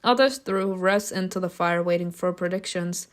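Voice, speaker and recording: A woman reading a story game's narration aloud, breaking off for loud, laughing reactions and casual swearing. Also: fairly low pitch, wildly swooping pitch, normal speed, vocal fry, few pauses. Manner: reads narration evenly, bursts into loud laughing outbursts. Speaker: streamer reacting to a story game.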